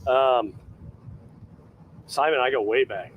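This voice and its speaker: A man, a chef, chatting casually outdoors by a boat dock and telling animated stories. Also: mid-range voice, measured pace, phone-quality sound, slight background noise. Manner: animated, acts out quoted voices. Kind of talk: casual storytelling chat.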